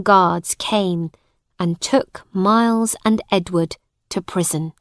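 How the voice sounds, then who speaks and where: A woman reads a simplified audiobook for learners, slowly and clearly. Her pace is extremely slow, and the recording is dry and close. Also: fairly low pitch, no echo. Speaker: narrator.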